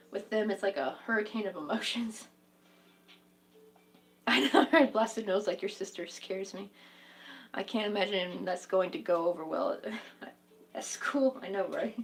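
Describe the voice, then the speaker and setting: A woman's voice: mid-range voice, animated, unhurried, vocal fry, long pauses, distant mic. A young woman hosting a crochet live stream, chatting casually and reacting to viewers' comments, saying "like" a lot. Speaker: crochet livestream host.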